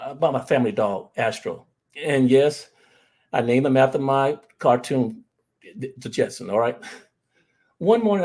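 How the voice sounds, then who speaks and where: A man gives an earnest presentation on grief, sharing personal stories and addressing the audience as "fam." His mid-range voice is a little mellow and slightly rough.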